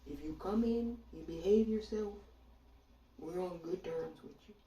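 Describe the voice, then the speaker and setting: A woman's voice: on the low side, measured pace, warm tone, recorded from a distance, highs cut off, slight background noise. A woman delivering a blunt, profane political rant, speaking straight to her listeners with indignation. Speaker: political commentator. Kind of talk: ranting monologue. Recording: echoey room, voice off-mic.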